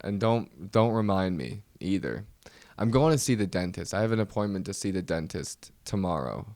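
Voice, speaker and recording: A man hosting his own comedy podcast gives a solo monologue that's a nervous rant full of self-mockery. He speaks low-pitched and expressive at a moderate pace with a darkish tone, no room sound.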